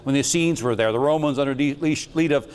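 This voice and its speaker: A man's voice: a little high, fast, darkish tone, clear, resonant tone, in a large hall. A man giving a lecture with slides on metaphysics, talking in a rambling, jokey and irreverent way.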